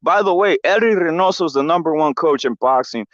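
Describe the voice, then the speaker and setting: A man hosting a sports commentary show, talking in a loose, profane rant that repeats itself for emphasis. His voice sits a little high for a man. The recording sounds dull and dry. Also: fairly quick, dry recording. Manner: profane, animated, repetitive. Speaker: show host.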